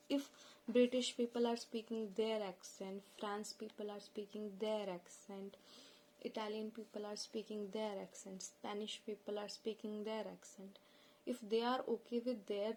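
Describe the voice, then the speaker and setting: A woman from India with a Punjabi accent, hosting an informal spoken lesson in a slow, earnest, plain-spoken way. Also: mid-range voice, a little mellow, a little hiss or hum, poor audio. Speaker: channel host.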